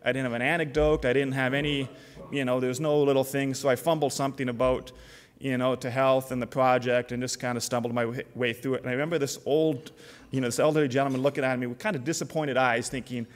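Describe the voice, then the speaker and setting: A man's voice: mid-range voice, fairly even intonation, quick pace. A middle-aged man from Canada giving a conference keynote, telling stories casually with many fillers and restarts. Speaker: keynote speaker, company CEO. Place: conference hall. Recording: long hall reverb.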